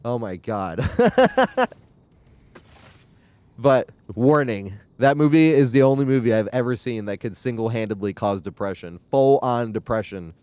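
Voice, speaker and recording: A man's voice: mid-range voice, moderate pace, hardly any pauses, dark tone, smooth, dry recording. A man chatting casually during a live game stream, rambling and laughing, swearing freely.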